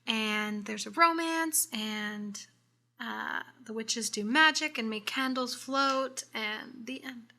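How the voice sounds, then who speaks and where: A young woman, co-hosting a casual makeup chat and telling stories in a chatty, animated way. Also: on the high side, slow. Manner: chatty, animated storytelling with frequent "like". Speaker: co-host.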